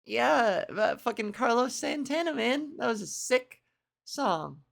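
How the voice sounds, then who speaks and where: A woman's voice: on the high side, very animated, slow pace, gravelly. A woman in a casual reaction commentary, chatty and self-mocking, swearing now and then while she reads aloud and reacts. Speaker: video creator.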